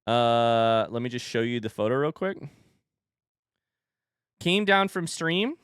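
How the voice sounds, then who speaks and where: Smooth, dry-voiced storytelling man. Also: medium pitch, slow pace, dry recording. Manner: animated storytelling with laughs. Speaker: streamer. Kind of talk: casual chat. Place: home room with a standing desk.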